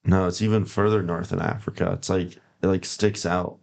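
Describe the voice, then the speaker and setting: A man's voice: low voice, level tone, moderate pace, vocal fry, darkish tone. A man co-hosting a live podcast, riffing in casual comedic banter with hype-man energy. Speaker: podcast co-host.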